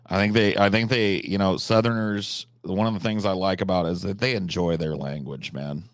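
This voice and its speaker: A man's voice: low-pitched, steady tone, normal speed, no room sound, studio quality. A man from California hosting a livestream, answering viewers in an articulate, reflective way and letting a country drawl slip in now and then. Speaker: livestream host.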